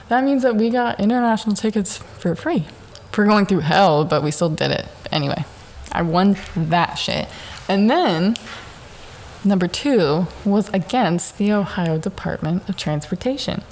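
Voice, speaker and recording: A young adult woman hosting a casual solo podcast from her home in Southern California. She tells stories in a profane, animated way and laughs often. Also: medium pitch, moderate pace, a little hiss or hum. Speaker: podcast host.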